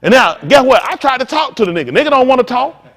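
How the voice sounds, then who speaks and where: A man preaching informally to a congregation, animated and conversational, acting out little dialogues as he goes. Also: very high voice, fast. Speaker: pastor.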